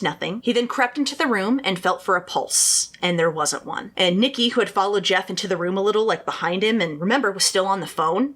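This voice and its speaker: A woman's voice: medium pitch, a bit bright. A woman hosting a podcast, telling a true-crime case in a casual, chatty way, full of "like" and "you know" and asides to her listeners. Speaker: podcast host.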